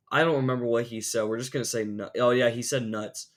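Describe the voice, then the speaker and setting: A man's voice: mid-range voice, normal speed. A young man vlogging, telling a story in a rambling, casual way with lots of filler words. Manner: rambling, animated, lots of "like" fillers, acts out quotes.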